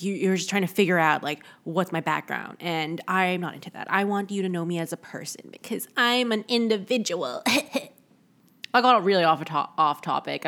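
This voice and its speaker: A woman's voice: fairly low pitch, fairly bright tone. A young woman hosting a casual solo podcast, rambling with many fillers and poking fun at herself. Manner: rambling, frequent "like" fillers, self-mocking. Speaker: podcast host.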